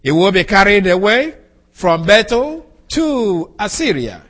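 A man giving an expository sermon, explaining scripture in a slow, deliberate and careful way. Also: high voice, very animated, fairly bright tone. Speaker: preacher.

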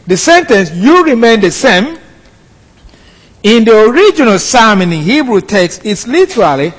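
A man with a high voice gives a verse-by-verse Bible lesson, explaining each point slowly. His delivery is measured and careful, and he sometimes stops to correct himself. The sound rings with the long reverb of a hall. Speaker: Bible teacher.

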